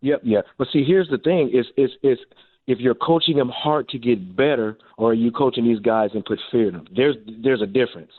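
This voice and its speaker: A man's voice: mid-range voice, a little fast, no room sound. A middle-aged former football receiver and coach, calling in to a radio interview. He tells his stories with energy and acts out the things he said to people. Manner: animated storyteller, acts out his own quotes. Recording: tinny phone line.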